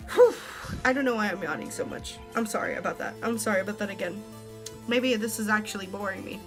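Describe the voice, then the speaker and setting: A woman's voice: medium pitch, fast talker, soft background music, rough recording. A young woman giving casual let's-play commentary, giggly and joking, swearing casually.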